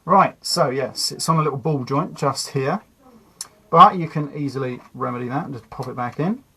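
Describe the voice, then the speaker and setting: A man's voice: mid-range voice, normal speed, sharp tone, a little hiss or hum, poor audio. A man casually reviewing a toy, chatting easily as he handles it. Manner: chatty and easygoing, narrating while fiddling with a toy.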